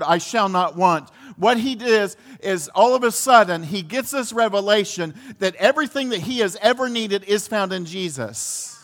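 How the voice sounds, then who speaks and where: A man's voice: sits high, fairly bright tone. A man preaching a sermon in a conversational way, full of restarts, asides and laughs. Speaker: pastor.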